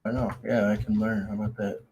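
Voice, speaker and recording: A man's voice: on the low side, flat delivery, fast talker, a little mellow, lo-fi sound, slight background noise. A man co-hosting a live comic reading stream, laid-back and swearing casually. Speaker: co-host.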